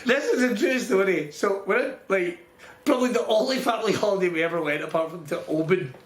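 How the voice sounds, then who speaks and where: A Scottish man co-hosting a podcast, swearing and laughing through lively stories. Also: high voice, a little fast. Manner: sweary, laughing, animated storytelling. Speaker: podcast co-host. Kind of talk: casual chat. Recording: roomy echo, faint noise.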